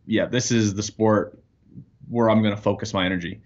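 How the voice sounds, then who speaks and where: A man's voice: fairly low pitch, steady tone, moderate pace, a little mellow. A man, an air force firefighter, talking earnestly as a guest over a video call, with fillers. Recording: dull lo-fi video call audio.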